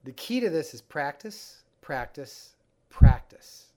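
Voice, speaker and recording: A man teaching a breathing exercise for anxiety, guiding the listener step by step in a calm, instructive way. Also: fairly high pitch, takes it slowly. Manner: calm, guiding, acts out the panicked mind. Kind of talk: instructional talk.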